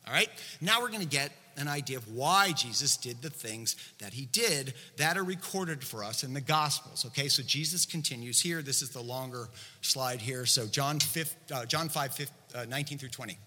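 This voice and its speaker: Animated preacher in an echoing hall. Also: male voice, medium pitch, normal speed. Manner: conversational, explaining with asides. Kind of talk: sermon.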